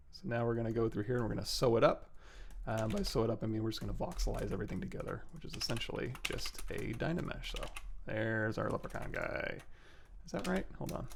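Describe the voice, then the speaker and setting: A man's voice: mid-range voice, vocal fry, a little hiss or hum. A man hosting a 3D sculpting livestream, talking casually through each step as he works and correcting himself as he goes. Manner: relaxed, talks through steps while working, self-corrects. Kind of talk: casual software tutorial narration.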